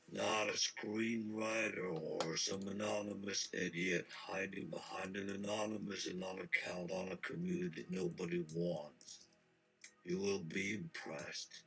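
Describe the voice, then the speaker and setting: A man's voice: deep voice, creaky, pushed and bright, heavily acted, poor audio. A man reading out the answers of a menacing shapeshifting shoggoth monster in character, pompous and threatening, speaking in proclamations. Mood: grandiose.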